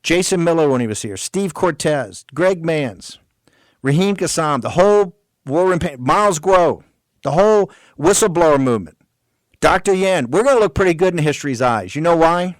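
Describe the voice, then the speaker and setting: A man's voice: on the high side, lively intonation, moderate pace, dry recording. A man hosting a political talk radio show, delivering an emphatic, fiery rant.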